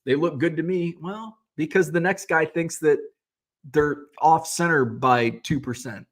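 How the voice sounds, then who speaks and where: A man's voice: a little high, a little slow. Ranting, profane man hosting a livestream. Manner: rambling with frequent restarts. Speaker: host of a sports card selling livestream. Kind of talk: casual livestream chat, reading viewer comments.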